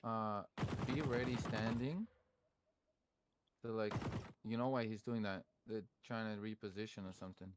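A man's voice: fairly low pitch, steady tone, normal speed, background noise. A man streaming a shooter game who teases a stranger in a mock-offended way and swears freely. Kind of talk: joking game chat with a stranger.

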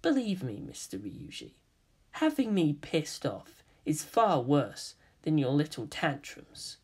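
Kaoru, a soft-spoken menacing teen boy, as a reader puts him on. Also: medium pitch, wildly swooping pitch, slow pace, breathy edge, exaggerated voice. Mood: quiet menace. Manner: cold, quiet, threatening. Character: calm menacing teenage half-angel boy.

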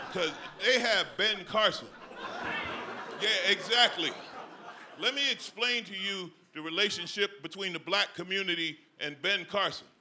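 A man performing stand-up comedy on a club stage, his voice sitting high for a man. He talks bluntly and conversationally, tossing quick checks to the crowd. The live recording carries steady noise.

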